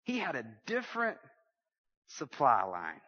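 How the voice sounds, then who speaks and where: A man preaching a sermon, lively and humorous, calling out to his congregation. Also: a little high, unhurried, big-room sound, lo-fi sound. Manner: lively preaching with humor and audience call-outs. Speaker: pastor.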